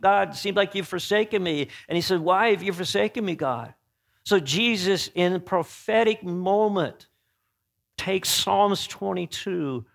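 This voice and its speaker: A man preaching an earnest sermon. He swings between emphatic peaks and hushed, solemn passages, and often corrects himself mid-phrase. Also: mid-range voice. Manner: frequent self-corrections and restarts.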